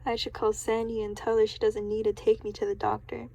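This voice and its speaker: A woman's voice: on the high side, completely flat delivery, fairly quick, mellow. A woman reading the lines of a cheerful young male sea sponge from a storybook, in her own plain voice. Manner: read plainly without a character voice. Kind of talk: storybook read-aloud.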